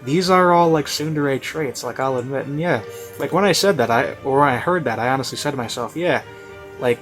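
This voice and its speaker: A man's voice: medium pitch, fairly quick, a bit bright, faint music behind. A man giving casual, rambling commentary on a video he is reviewing, full of "you know" and "like" and offhand self-mockery.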